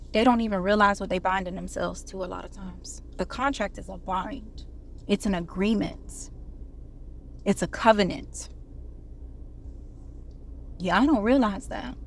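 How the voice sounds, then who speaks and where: A woman's voice: mid-range voice, a little hiss or hum. A woman giving a casual motivational talk, preachy and conversational, quoting scripture and addressing her viewers directly. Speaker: online commentator.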